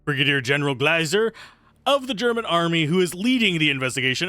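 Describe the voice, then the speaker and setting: Casting: formal male news anchor, read by a man streaming a game, bright tone, crisp delivery. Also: a little high, no echo, voice pushed up. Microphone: close desk mic.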